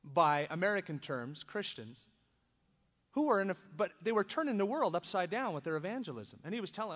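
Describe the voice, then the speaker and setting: A man preaching a sermon, reading scripture aloud and then breaking into lively, conversational asides. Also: high-pitched, brisk. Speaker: pastor. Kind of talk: expository sermon. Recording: long reverb of a large hall.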